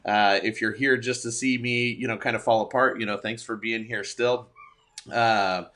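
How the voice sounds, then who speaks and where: A man's voice: mid-range voice, fairly even intonation, normal speed, bright, forceful tone. A man, a pastor, chatting casually on a livestream and thinking aloud in a rambling, good-humored way.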